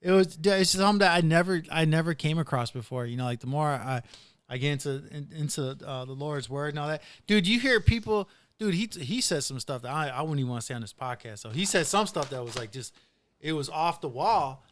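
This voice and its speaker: A man's voice: on the high side, lively intonation, brisk, dry recording. A man hosting a casual podcast, rambling through retold stories with plenty of "dude" and "like". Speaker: podcast host.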